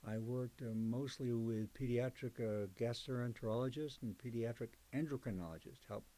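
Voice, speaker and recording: A man's voice: medium pitch, normal speed, warm tone. Older man telling stories conversationally. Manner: conversational, digressive storyteller with fillers. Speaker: psychologist and professor. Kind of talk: oral history interview.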